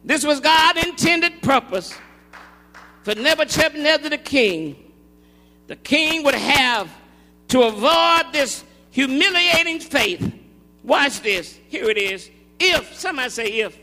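A man preaching a call-and-response sermon to his congregation, building into shouted, rhythmic cadences. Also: extremely high pitch, lively intonation, slow, faint music behind. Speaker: pastor. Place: large church sanctuary. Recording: long hall reverb.

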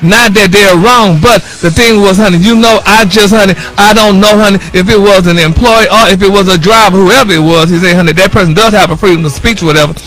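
A man's voice: high voice, fairly even intonation, fast, hardly any pauses, fairly bright tone. A man hosting a radio celebrity gossip segment in a flamboyant, sassy way, calling everyone honey.

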